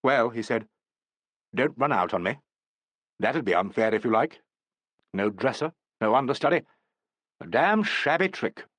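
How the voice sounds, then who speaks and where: A man's voice: mid-range voice, animated, unhurried, long pauses, fairly bright tone, dry recording. Autocratic male actor-manager, curt and commanding, read by a man, dry close sound. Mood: brusque. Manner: brusque, commanding.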